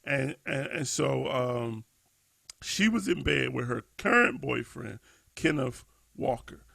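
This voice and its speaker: Gravelly-voiced man thinking aloud. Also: medium pitch, lively intonation, slow pace, pushed and bright, no echo. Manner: thinking aloud, many restarts and fillers. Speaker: podcast co-host. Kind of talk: casual discussion podcast.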